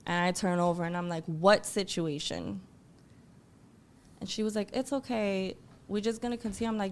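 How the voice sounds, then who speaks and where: A woman guest telling an emotional personal story, acting out what people said with lively quoted voices. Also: moderate pace. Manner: animated, acts out quotes in a higher voice.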